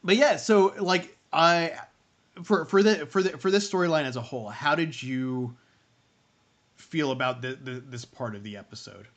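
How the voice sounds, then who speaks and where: A man's voice: fairly high pitch, normal speed, a bit bright, highs cut off. A man co-hosting a casual review show, talking in long rambling stretches with many restarts. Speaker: podcast co-host running the stream.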